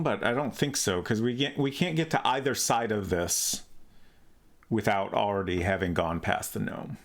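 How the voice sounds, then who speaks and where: A man's voice: on the low side, normal speed. A man streaming a retro computer game, thinking aloud in a hesitant, musing way as he plays. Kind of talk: casual let's-play commentary.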